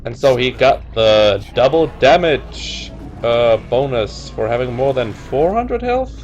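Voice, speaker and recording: A man's voice: medium pitch, sing-song, measured pace, a little mellow, dull audio. A man co-commentating a video game over a headset, dry and sarcastic. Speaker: let's play co-commentator. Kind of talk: casual gaming commentary.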